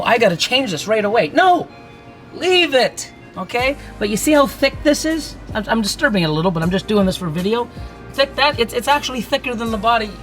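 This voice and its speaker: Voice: medium pitch, fairly bright tone. A ball python breeder giving a casual hands-on feeding demonstration, chatty and reassuring, with mock-panicked asides, indoors beside snake enclosures.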